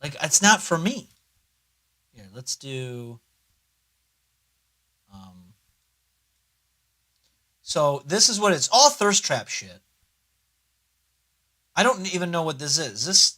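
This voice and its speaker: A man's voice: on the high side, big pitch swings, takes it slowly, pauses often, bright, forceful tone. A young man chatting casually on a livestream, rambling and swearing, sometimes talking himself through his computer setup. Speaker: streamer.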